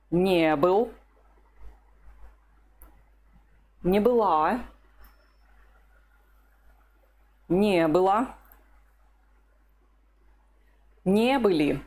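Woman teaching a language lesson, really slow, lowish voice, faint hum behind. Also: a little mellow. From Russia. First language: Russian. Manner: patient and encouraging, pausing for the listener to repeat.

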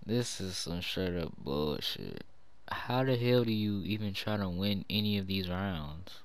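A young man casually commentating his own online game, cursing and trash-talking, with bursts of yelling. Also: deep voice, expressive, a little slow, clean tone. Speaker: gaming channel host. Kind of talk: live gameplay commentary.

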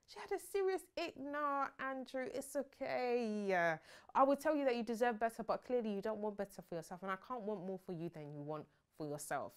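A young woman giving sassy, animated commentary on a reality show and mocking people's lines in put-on voices. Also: medium pitch, clear, resonant tone. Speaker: reality TV reviewer. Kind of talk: casual opinionated commentary.

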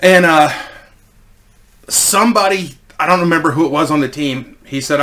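A man's voice: on the high side, moderate pace, pauses often, a bit bright. A man in his forties telling a rambling, profane story in a casual way. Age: 40s.

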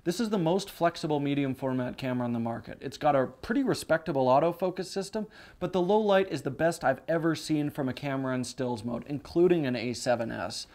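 A man's voice: a little high, fairly quick, hardly any pauses, darkish tone. A man co-hosting and editing a camera review show, talking gear with tipsy enthusiasm. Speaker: co-host and editor. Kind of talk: casual product review banter.

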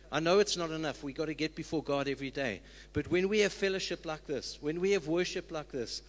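A man, a church leader, exhorting the congregation earnestly with call-and-response lines. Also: a little high. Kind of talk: sermon. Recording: long reverb of a church hall.

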